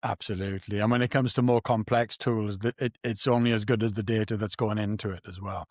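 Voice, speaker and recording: A man's voice: fairly low pitch, steady tone, fairly quick, no room sound, clean studio sound. A man hosting a podcast, talking in an earnest, reflective way and thinking aloud in casual conversation. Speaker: podcast host.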